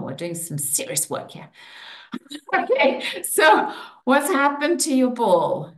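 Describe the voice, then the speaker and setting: A woman leading a guided affirmation exercise online, stretching out affirmations slowly with playful asides. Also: medium pitch, reverberant. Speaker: workshop leader.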